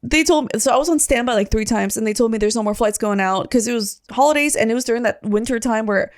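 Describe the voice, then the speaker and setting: High-voiced woman telling a lively story. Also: fast talker, no room sound, clean studio sound. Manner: animated storyteller, acts out quoted voices. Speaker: podcast co-host. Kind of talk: casual chat.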